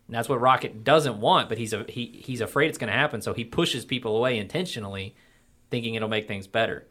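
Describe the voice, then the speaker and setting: A man's voice: medium pitch, fast talker, sharp tone. A man co-hosting a casual movie discussion, rambling through his points and correcting himself as he goes. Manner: rambling, self-correcting analysis. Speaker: podcast co-host.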